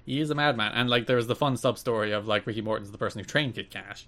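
A man co-hosting a wrestling podcast in casual chat, recapping with excited, rambling energy. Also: fairly low pitch, quick pace. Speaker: podcast co-host.

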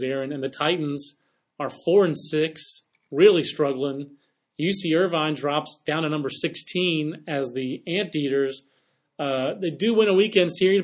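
A man co-hosting a baseball podcast, talking in a quick, chatty way with joking asides. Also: fairly high pitch. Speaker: podcast co-host. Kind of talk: casual sports talk.

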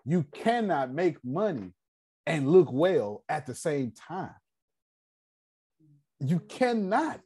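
A man's voice: on the high side, big pitch swings, slow, pauses often, dark tone, slightly rough. A man leading a motivational seminar, preaching and firing rhetorical questions at his audience. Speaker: seminar leader. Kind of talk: motivational teaching.

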